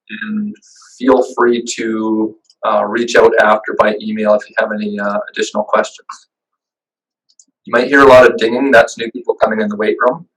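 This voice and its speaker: A man's voice: medium pitch, recorded from a distance, rough recording. A man presenting a webinar over a video call, talking in a casual, chatty way with fillers and restarts. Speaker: business owner giving a webinar.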